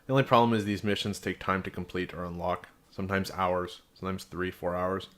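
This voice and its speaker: Deep-voiced, sarcastic man reviewing a game. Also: fairly even intonation, a little fast, a bit bright. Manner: frank and sarcastic, with dry jokes. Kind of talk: casual video game review.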